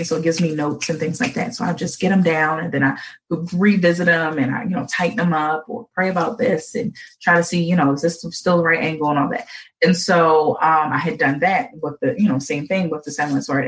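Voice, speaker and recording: A woman's voice: deep voice, a bit bright, low-quality recording. A woman hosting a casual live stream, telling a funny family story to her viewers, laughing often.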